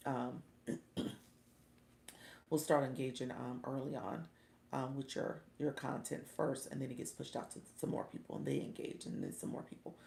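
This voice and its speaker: A woman's voice: a bass voice, very animated, normal speed, creaky, darkish tone, roomy sound. A middle-aged woman from Florida, hosting a casual livestream from home, chatty and often laughing as she talks to her viewers. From Orlando, Florida. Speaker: livestream host and coach.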